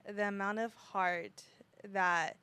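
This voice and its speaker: A woman's voice: mid-range voice, steady tone, slow pace, smooth, no echo. A woman who is a parent, hosting a podcast and speaking in an earnest, supportive way. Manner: warm, emotional, supportive listener. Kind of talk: casual podcast conversation.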